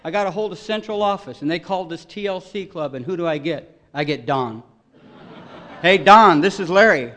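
Guy telling his recovery story, kinda high voice, earnest and heartfelt, gets loud at times. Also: fairly quick, few pauses. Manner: earnest, emotional storytelling, voice swelling loud at peaks. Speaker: recovery meeting speaker. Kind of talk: personal recovery testimony.

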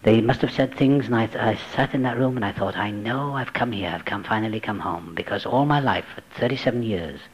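A man telling his recovery story to a group, acting out the voices he quotes and dropping to a hush at tense moments. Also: fairly low pitch, fairly quick, few pauses, breathy edge, muffled recording. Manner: dramatic, acts out quoted voices, drops to hushed tones. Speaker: speaker sharing a recovery story. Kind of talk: personal testimony, storytelling.

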